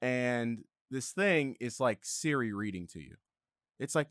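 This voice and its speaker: A man's voice: mid-range voice, animated, unhurried, a bit bright, dry recording, studio quality. A man chatting casually as a podcast guest, telling stories in an easygoing way. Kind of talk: casual chat.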